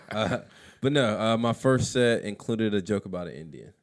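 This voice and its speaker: A man's voice: fairly low pitch, lively intonation, moderate pace. A man hosting a casual podcast chat, easygoing and jokey. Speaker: podcast host.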